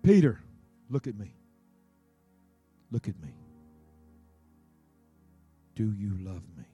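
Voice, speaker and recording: A preacher speaking as a calm, gentle male teacher. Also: fairly low pitch, normal speed, breathy edge, faint music behind, voice pushed down. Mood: insistent.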